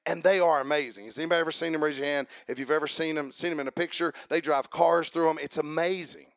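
A pastor preaching a sermon, folksy and repetitive, asking the congregation for amens and building to rhythmic shouting. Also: male voice, fairly high pitch, quick pace, no room sound, clean studio sound.

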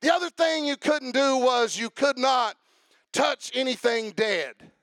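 Male pastor, high voice, emphatic and repetitive, shouts his points, dry close sound. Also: unhurried, no room sound. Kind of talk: sermon. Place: church.

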